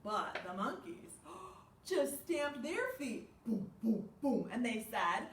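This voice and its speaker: A woman reads a storytime to kids, with lively pitch swings and an unhurried pace. She gasps and asks questions along the way. The recording sounds echoey and distant, with a faint hiss behind. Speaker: children's librarian. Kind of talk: storytime reading to children. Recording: echoey room, far from mic.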